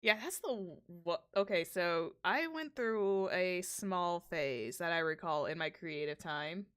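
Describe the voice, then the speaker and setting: Smooth-voiced chatty woman streamer. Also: lowish voice, lively intonation, measured pace, a bit bright. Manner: rambling, chatty. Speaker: streamer host. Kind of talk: casual chat while drawing.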